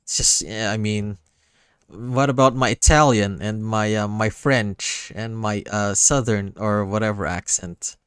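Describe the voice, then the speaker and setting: A man's voice: fairly low pitch, fairly even intonation, a little slow, fairly bright tone, clean tone, no echo. A man hosting a late-night storytime stream, chatting in an easygoing, self-deprecating way. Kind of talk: casual livestream chat.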